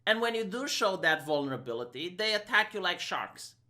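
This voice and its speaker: His voice is high, very animated, pushed and bright, with a Romanian accent marking him as Eastern European. The streamer argues sarcastically through an opinion monologue, slipping in fast mocking impressions.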